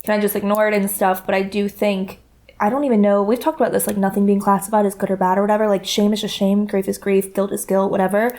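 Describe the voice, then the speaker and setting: A woman's voice: medium pitch, little pitch movement, quick pace, a little mellow. A young woman co-hosting a podcast, chatting casually and telling stories with frequent laughter. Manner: laughs a lot, playful storytelling. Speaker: podcast co-host. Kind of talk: casual chat.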